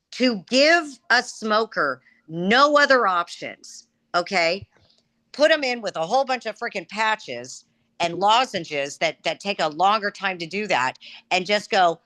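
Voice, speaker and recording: A woman ranting emphatically in a casual discussion, her throat rough and catching, with frequent "okay?" tags. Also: medium pitch, sharp tone.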